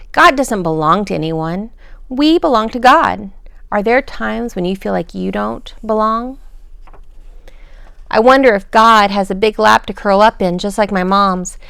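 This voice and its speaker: A woman gently reading a children's picture book aloud at bedtime, pausing to ask the listener questions. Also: medium pitch, vocal fry, smooth, no room sound, clean studio sound.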